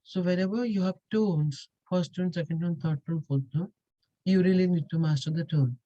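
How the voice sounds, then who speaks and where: A woman's voice: lowish voice, moderate pace, warm tone, dry recording, lo-fi sound. A woman, a Chinese language teacher explaining step by step with patient repetition and frequent hesitations. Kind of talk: explanatory lesson with Q&A.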